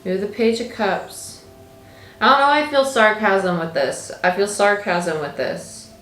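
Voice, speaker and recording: A woman's voice: mid-range voice, measured pace, a bit bright, roomy sound, faint music behind. A woman tarot reader talking casually and animatedly as she reads her cards, thinking aloud as she goes.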